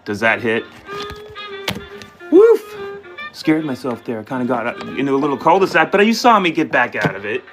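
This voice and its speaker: Casting note: male tarot host, bright forward tone, rambling and self-correcting, faint music underneath. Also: mid-range voice, lively intonation, quick pace, few pauses, low-quality recording. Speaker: tarot reader and live-stream host. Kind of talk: live tarot reading, talking to viewers.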